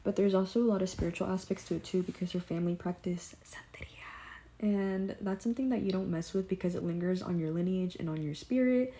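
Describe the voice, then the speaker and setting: A woman's voice: mid-range voice, quick pace, hardly any pauses. A young woman telling a story in a casual vlog, blunt and profane, acting out quotes as she goes. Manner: blunt, profane, animated retelling with quoted asides. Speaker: vlogger.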